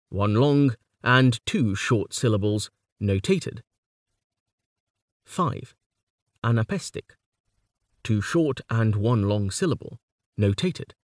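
A man giving a slow, measured reading of a textbook on poetry. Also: medium pitch, no echo, studio quality.

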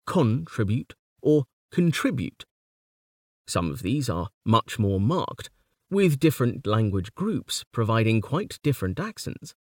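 A man giving a slow, measured reading of a textbook on poetry. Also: fairly low pitch, no echo, studio quality.

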